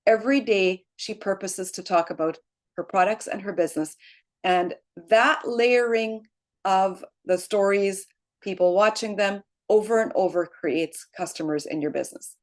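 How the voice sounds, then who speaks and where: A woman's voice: mid-range voice, moderate pace. A middle-aged woman leading a motivational team call, encouraging and chatty, often tagging her points with "right?". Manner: encouraging, frequent "right?" tags, laughs easily. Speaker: team leader.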